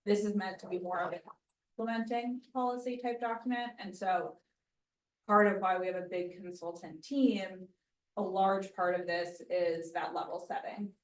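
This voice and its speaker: A woman's voice: medium pitch, steady tone, distant mic. Woman explaining policy from across an echoey room. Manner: measured, explanatory. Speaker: city staff presenter. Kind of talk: explaining policy at public meeting. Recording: echoey meeting room, speaker away from mic.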